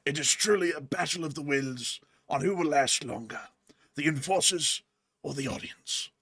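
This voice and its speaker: A man putting on a solemn male nature-documentary narrator voice, mock-grand and slow. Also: on the high side, fairly bright tone, husky, dry recording.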